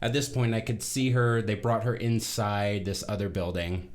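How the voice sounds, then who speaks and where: Man in his thirties, very low voice, casual vlog storytelling, rambling, self-correcting. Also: steady tone, normal speed. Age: 30s. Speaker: vlogger.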